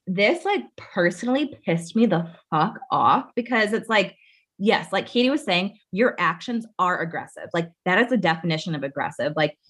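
A woman's voice: lowish voice, lively intonation, moderate pace, fairly bright tone, breathy edge. A woman co-hosting a casual chat, talking indignantly with lots of fillers and swearing. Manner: indignant, profane, filler-heavy talk.

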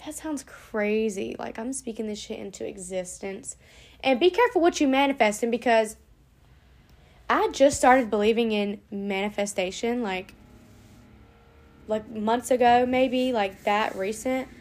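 A young woman talks straight to her audience in a loose, rambling vlog chat. She swears casually and drifts from thought to thought. Her voice sits a bit higher than most. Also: measured pace, darkish tone. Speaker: vlogger.

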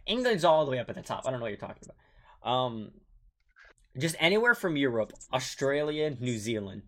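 A man's voice: mid-range voice, sing-song, fairly quick, fairly bright tone. A young man hosting a casual podcast chat, rambling and laughing often. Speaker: podcast host.

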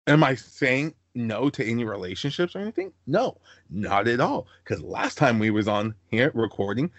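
A young man hosting a casual podcast chat, telling animated stories and slipping into high-pitched voices for the people he quotes. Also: moderate pace, no echo. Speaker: podcast host.

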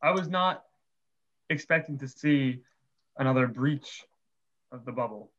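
A man's voice: mid-range voice, unhurried, a bit bright, muffled recording. A man in a casual recap chat, speaking hesitantly and unsure. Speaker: podcast co-host.

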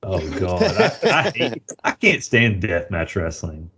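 Low-voiced joking male podcast host. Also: wildly swooping pitch, unhurried, bright, forceful tone, a little hiss or hum. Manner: playful, laughs easily. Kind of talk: casual chat.

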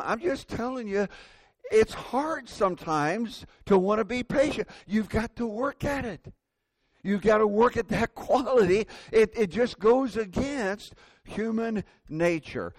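A man's voice: sits high, expressive, moderate pace, dry recording. An older man preaching a sermon, telling folksy, self-deprecating stories from everyday life.

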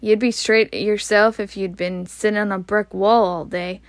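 Stern older witch, impatient, quiet clipped lines, woman reader, dry close mic. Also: mid-range voice, fairly even intonation, moderate pace, no echo, lightly acted.

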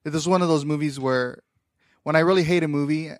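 A man's voice: on the high side, a little fast, dry recording, clean studio sound. A man co-hosting a movie podcast in casual chat, laid-back and chuckling. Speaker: podcast co-host, film critic.

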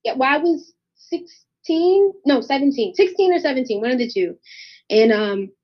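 Her voice sits high and she keeps a moderate pace. This young singer, a guest artist in a casual interview, animatedly recounts an anecdote and does the voices of those in it, captured on dull lo-fi audio.

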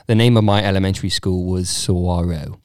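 A young man from Arizona chatting casually, laughing a lot between impressions. His voice is smooth and clear, recorded close and dry. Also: low-pitched, fairly even intonation, fairly quick, darkish tone, no room sound. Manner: laughs often, puts on playful accent impressions. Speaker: guest chatting about accents. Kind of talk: casual chat.

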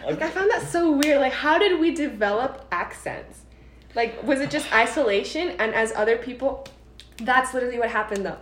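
Woman, young adult, from the US, casual podcast chat, rambling, higher voice, roomy echo. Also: lively intonation, moderate pace, slight background noise. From United States. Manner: chatty, rambling, fills with "like".

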